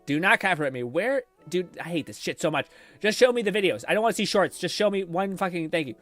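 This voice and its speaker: A man streaming a casual reaction video, blunt and animated, swearing and laughing often. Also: high-pitched, quick pace, faint music behind. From Canada.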